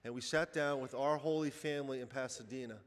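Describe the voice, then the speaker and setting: A man's voice: medium pitch, steady tone, a little fast. A man who runs a charity, giving an earnest, conversational appeal to a congregation during Mass. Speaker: charity director speaking at Mass. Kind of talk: heartfelt appeal from the pulpit. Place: large church. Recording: echoey church hall.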